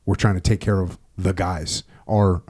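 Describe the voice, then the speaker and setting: Mellow-voiced middle-aged podcast host. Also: male voice, low-pitched, normal speed. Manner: blunt, energetic, laughs easily. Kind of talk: casual podcast conversation.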